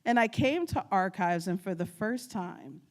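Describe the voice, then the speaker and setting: A woman from New York giving a storytelling presentation as a guest speaker, animated and often laughing as she acts out her family's words. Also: medium pitch, measured pace. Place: lecture at a state archives building.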